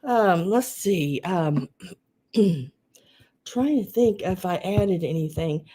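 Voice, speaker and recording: A woman's voice: fairly low pitch, slow, dark tone, slightly rough. A woman with a Southern US accent hosting a live vintage sale stream, chatting casually and greeting viewers by name. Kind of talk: casual livestream chat.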